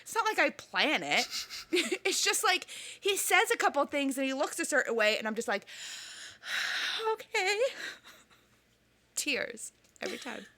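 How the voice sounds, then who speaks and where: A woman co-hosting a podcast in casual chat, emotional and expressive, laughing often. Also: high voice, normal speed. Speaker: podcast co-host.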